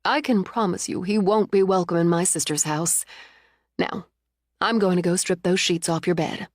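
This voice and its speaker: A woman's voice: fairly low pitch, normal speed, no room sound, close to an everyday voice. A woman voicing a loving, protective middle-aged mother who is fiercely indignant on her daughter's behalf, read in an audiobook with a dry, close sound. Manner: warm, soothing, indignant.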